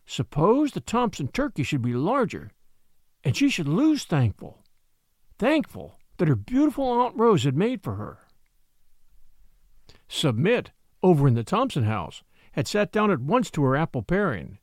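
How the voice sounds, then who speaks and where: A man reads an old storybook tale aloud with expressive, unhurried narration. His voice sits a little high for a man and moves lively in pitch. The recording is close and dry, with no room sound. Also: dry recording. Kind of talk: storybook reading.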